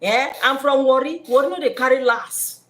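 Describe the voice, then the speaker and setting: Woman playing a scornful, swaggering man with a Nigerian Pidgin accent, pitched high and loud. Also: moderate pace. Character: boastful married man brushing off a pregnancy.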